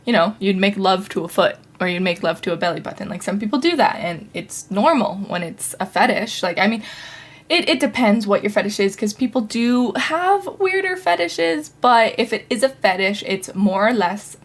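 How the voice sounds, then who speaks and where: A woman's voice: mid-range voice, expressive, moderate pace. Chatty young woman hosting a podcast. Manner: chatty, rambling with many fillers and restarts. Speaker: podcast host. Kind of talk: casual solo podcast talk.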